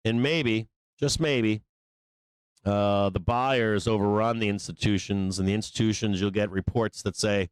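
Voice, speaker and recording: Male trading-show host, low and smooth-voiced, profane and excitable, dry close recording. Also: normal speed, dry recording. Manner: profane, excitable, loose trader talk. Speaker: stock market show host. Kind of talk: live trading commentary.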